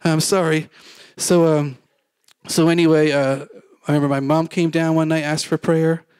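A man's voice: on the high side, flat delivery, moderate pace, darkish tone, smooth, no room sound. A middle-aged male pastor telling a personal story in a casual sermon, self-deprecating and acting out the dialogue.

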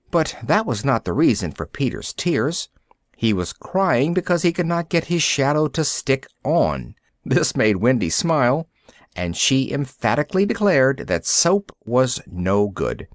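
Man, storybook narration, clear measured reading, lively pitch, dry close sound. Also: dry recording. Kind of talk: storybook narration for English learners.

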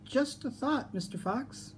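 A cheeky little piglet. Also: male voice, expressive, measured pace, background noise. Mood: coaxing. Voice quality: high squealing voice. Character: chatty small male piglet, cheeky and clever.

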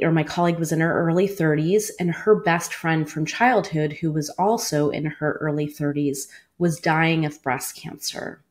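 A woman's voice: low voice, a little mellow. A woman in her forties, a former cancer doctor, earnestly telling a personal story in an interview, with many "like" fillers.

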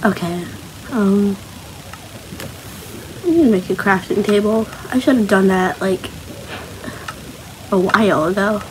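Young woman playing minecraft on a tablet, slow and jittery, talks to herself, bit of faint hum behind. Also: medium pitch, animated, rough recording. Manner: nervous, chatty self-talk. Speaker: gaming channel host. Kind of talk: casual Minecraft gameplay commentary.

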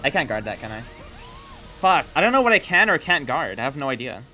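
A young man giving excited live commentary while playing a video game, swearing, yelling and laughing at the fight. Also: mid-range voice, a little fast, soft background music. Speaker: gaming streamer.

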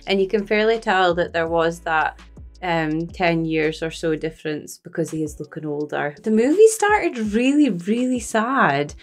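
A woman's voice: on the low side, expressive, measured pace, soft background music. A woman chatting and reacting aloud while watching a movie, exclaiming and laughing along. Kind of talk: casual reaction commentary.

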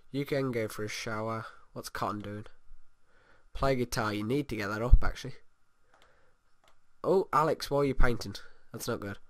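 A man's voice: medium pitch, a bit bright, no echo. A man giving casual let's play commentary, rambling and humming to himself as he plays. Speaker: gamer.

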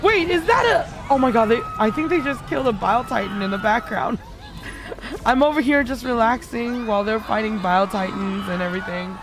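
A VTuber streamer plays a co-op game, chatting casually, teasing her teammates and giggling a lot. Her voice is a little high and a little fast, heard over music.

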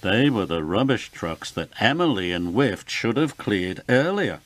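A man with a British accent narrating a children's storybook in an animated read-aloud manner. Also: lowish voice, measured pace, no room sound. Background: background music.

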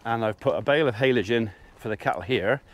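Outdoors on his cattle farm, a man narrates a casual vlog while he works, chatty in tone. He talks gently to his cattle and calls out to them loudly, in a mid-range voice at a quick pace. Cattle moo in the background amid the outdoor noise.

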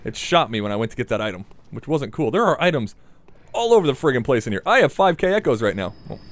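A man's voice: mid-range voice, very animated, quick pace, dry recording. A man commentating his own gameplay in a playful, casual way, chatting to the enemies and swearing now and then. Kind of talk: let's play commentary.

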